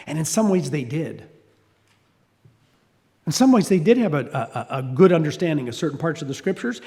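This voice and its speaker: Lively high-voiced preacher in a hall. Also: male voice. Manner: conversational preaching with restarts and asides. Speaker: pastor. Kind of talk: sermon. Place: church hall. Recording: reverberant hall.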